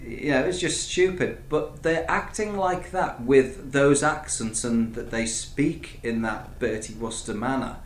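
A man's voice: medium pitch, measured pace, few pauses. Chatty man in an echoey room. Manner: rambling, chatty, full of restarts and asides. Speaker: podcast host reviewing TV shows. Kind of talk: casual chat. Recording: echoey room with faint background noise.

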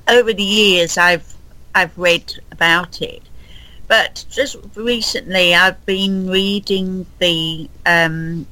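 A woman with a London accent, speaking as a podcast guest in an unhurried, hesitant way with restarts. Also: fairly low pitch, pushed and bright, low-quality recording. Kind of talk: podcast interview.

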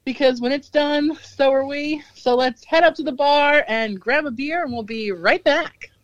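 A woman co-hosting a podcast, chatting casually over drinks with quick, joking asides. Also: high-pitched, no echo, highs cut off. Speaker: podcast co-host.

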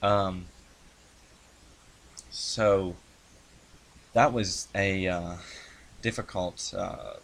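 A young man with a fairly low voice talks through the history of his video series in a loose, rambling way. He hesitates often, piling up ums and false starts as he goes. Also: steady tone, fairly bright tone. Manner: halting, many ums and restarts. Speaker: YouTuber recounting his channel's history. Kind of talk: casual rambling monologue. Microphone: handheld mic he adjusts.

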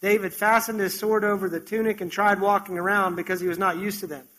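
High-voiced man preaching a lively sermon. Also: fast, poor audio. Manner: animated storytelling with conversational asides.

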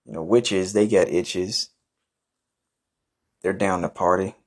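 Low-voiced brash, profane man. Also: steady tone, takes it slowly. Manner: crude, profane, brash and swaggering; bursts into shouting outrage. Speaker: comedy podcast host. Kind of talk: improvised first-person comic narration.

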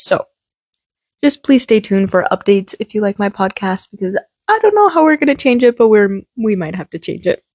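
A woman's voice: mid-range voice, no echo. A young woman hosting her own podcast, talking candidly and bubbly into a small microphone, swearing freely. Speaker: podcast host. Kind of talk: casual solo podcast monologue.

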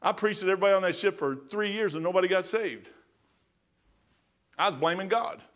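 High-voiced folksy preacher man. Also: brisk, fairly bright tone. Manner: folksy, storytelling, emphatic, addresses listeners as "man". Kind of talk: sermon.

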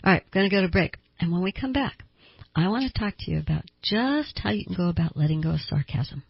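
Older woman, therapist host of an advice show, breathy low voice, earnest and questioning, dry muffled studio sound. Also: expressive, fast talker, dry recording. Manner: earnest, asks listeners direct questions.

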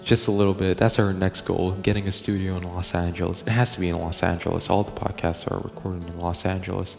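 A man with a deep, gravelly voice hosts a loose, rambling podcast from his room at home, cursing freely and chuckling between thoughts. His delivery stays flat and even, and the sound hangs in a long, echoing reverb. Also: fast, soft background music. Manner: profane, joking, rambling with frequent laughs. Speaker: podcast host. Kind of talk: casual rambling podcast monologue.

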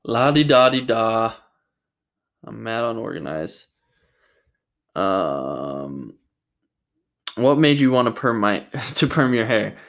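A man's voice: lowish voice, very animated, slow, gravelly, pauses often, a bit bright. A young man from Utah casually answering viewer questions in a vlog. He rambles, jokes and swears freely. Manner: rambling, jokey, swears a lot. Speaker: vlogger.

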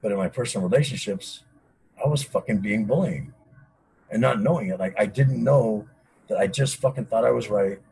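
A man with a fairly low voice talks with blunt intensity, swearing freely. He sounds like a guest in a candid personal conversation. A faint hum of ambience runs underneath. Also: a little fast, creaky, a little mellow, rough recording. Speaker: interview guest.

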